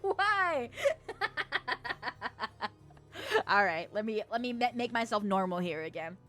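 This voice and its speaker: A woman's voice: mid-range voice, unhurried, a bit bright. A young adult woman streaming and casually chatting as she reads chat, bubbly and giggly with playful squeals.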